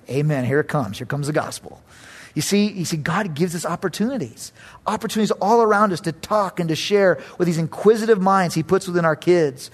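A middle-aged man preaching a sermon as pastor, animated, swinging between loud and hushed, acting out other voices. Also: a little high, a little fast. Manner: acts out voices of kids and critics.

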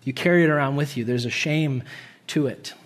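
A young man preaching a sermon in a church, casual and animated, laughing often and acting out quotes in a higher voice. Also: fairly quick. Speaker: pastor. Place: church hall.

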